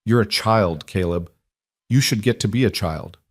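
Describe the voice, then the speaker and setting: A man's voice: lowish voice, normal speed, slightly rough, no room sound, studio quality. A man voicing a stubborn, caring frontier woman. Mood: gentle. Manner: firm and gentle.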